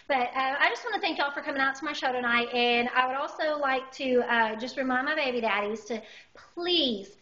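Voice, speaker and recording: High, bright woman doing stand-up. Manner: animated, exaggerated storytelling. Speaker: stand-up comedian. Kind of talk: stand-up comedy routine. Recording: dull lo-fi recording.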